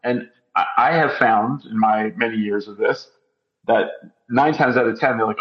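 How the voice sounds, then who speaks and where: A man's voice: fairly low pitch, normal speed, muffled recording. A man appearing as a physician guest on a podcast, explaining at length with many ums. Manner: explanatory, filler-heavy. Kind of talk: conversational interview.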